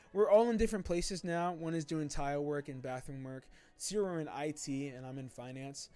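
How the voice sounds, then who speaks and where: A man hosting a livestream, chatting casually with viewers and reading their comments in laid-back slang. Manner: laid-back slangy talk, lively swings in pitch. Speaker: livestream host.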